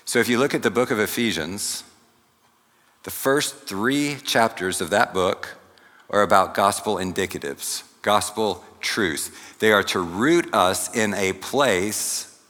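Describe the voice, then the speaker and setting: Slow-preaching man in a reverberant hall. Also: on the low side, pushed and bright. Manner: slow, deliberate teaching with asides to the congregation. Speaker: pastor. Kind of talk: sermon.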